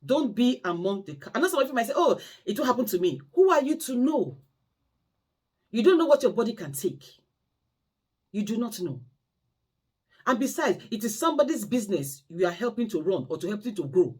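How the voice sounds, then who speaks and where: Husky woman pleading in a lively voice. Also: fairly high pitch, fairly quick, long pauses. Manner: pleading, preachy, emphatic. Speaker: carer vlogger. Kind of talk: impassioned storytelling monologue.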